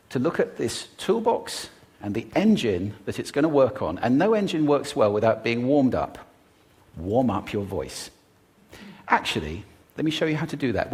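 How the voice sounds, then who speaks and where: Man giving a lively, expressive stage talk. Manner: expressive, deliberately varies pitch, pace and volume. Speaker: public speaker on voice. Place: stage before a live audience.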